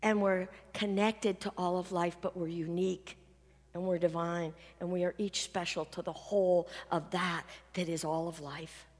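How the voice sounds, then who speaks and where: A woman's voice: on the low side, flat delivery, normal speed, a little mellow. A woman minister giving a sermon, telling a story with earnest feeling and sometimes dropping almost to a whisper. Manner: earnest storytelling, quotes others, drops to near-whisper at emotional points. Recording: long hall reverb.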